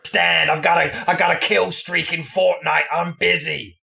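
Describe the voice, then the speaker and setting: A man voicing Batman as a lazy, dismissive gamer with a Brooklyn accent and a gravelly voice, in a comedy skit clip. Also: on the high side, flat delivery, unhurried, pushed and bright, heavily acted. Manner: dismissive, whiny.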